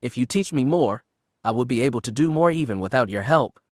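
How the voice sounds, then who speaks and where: A man's voice: mid-range voice, animated, fairly quick, a little mellow, dry recording, clean studio sound, lightly acted. A man reading the part of a brash, impatient young male Inquisitor who sounds annoyed.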